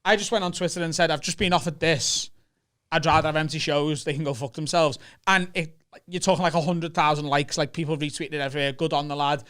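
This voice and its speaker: A Liverpool man with a Scouse accent tells sweary, animated stories to his mates. His voice sits high and comes through smooth and clear. He talks in a loose, casual way. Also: fast talker. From Liverpool, England. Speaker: comedian and podcast host. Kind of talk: casual chat.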